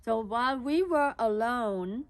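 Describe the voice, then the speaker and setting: A woman's voice: fairly high pitch, expressive, a little slow, dry recording. A woman telling a personal childhood story in an easy, conversational manner.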